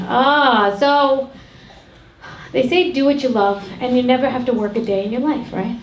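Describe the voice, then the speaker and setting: A woman's voice: on the high side, steady tone, moderate pace. A middle-aged woman doing a brash, profane stand-up set on a comedy club stage. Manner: brash, profane, ranting delivery. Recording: echoey club with loud crowd.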